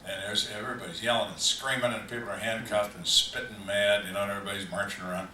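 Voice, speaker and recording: An older man who was a homicide detective tells dry, deadpan stories with slow, emphatic pauses at a live fan Q&A. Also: fairly low pitch, a little hiss or hum. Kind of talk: live storytelling Q&A. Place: event room on a cruise ship, live audience. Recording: echoey room, distant mic, faint ambience.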